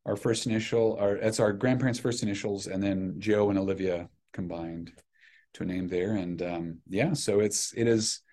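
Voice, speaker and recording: A middle-aged man talking as a podcast guest, an animated, self-deprecating storyteller who restarts his sentences a lot. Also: lowish voice, normal speed. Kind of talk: casual chat.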